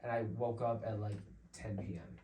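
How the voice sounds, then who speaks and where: A man's voice: on the low side, normal speed, dark tone. A young man, a podcast guest and DJ, telling a story in casual chat, rambling with lots of "like" and acting out the voices of others. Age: young adult. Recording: echoey room, mic at a distance, faint hiss.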